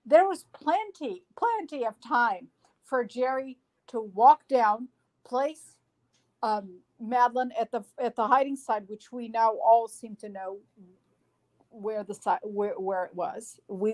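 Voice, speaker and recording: A woman guest on a podcast, retelling events in an animated way with frequent restarts and fillers. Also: a little high, a little slow. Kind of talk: casual podcast discussion.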